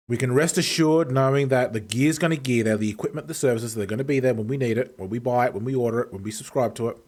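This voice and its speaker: A man's voice: mid-range voice, quick pace, hardly any pauses, darkish tone. A man ranting casually on a live stream, swearing heavily and eating as he talks.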